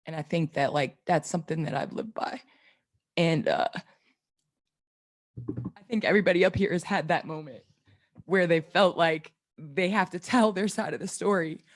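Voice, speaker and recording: Woman in her 30s at a postgame presser, lowish voice, joking around then heartfelt. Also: normal speed, long pauses. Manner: playful, chatty, then earnest and reflective. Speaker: pro basketball player at a press conference. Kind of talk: post-game press conference answers.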